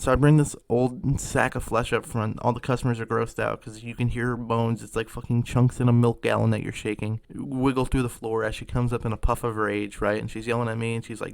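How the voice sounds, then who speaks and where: A man's voice: medium pitch, fairly even intonation, quick pace, vocal fry, no room sound. A young man telling a sarcastic, profane comedy story about customers at his food service job.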